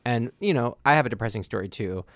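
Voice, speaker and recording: A man's voice: mid-range voice, lively intonation, fast talker, no echo, studio quality. A man hosting a casual chat, dramatic and campy, full of exclamations. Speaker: host.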